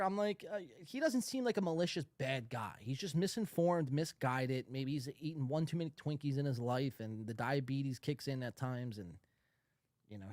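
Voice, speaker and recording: A man's voice: mid-range voice, a little mellow, no room sound, clean studio sound. A man hosting a podcast, ranting in a sarcastic, profane, rambling way. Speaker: podcast host. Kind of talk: ranting commentary.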